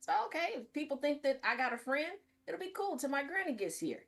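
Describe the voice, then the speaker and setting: Animated woman telling a funny story. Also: high voice, fairly quick. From Cincinnati, Ohio. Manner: animated, laughs often. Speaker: podcast host. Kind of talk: comedic casual storytelling.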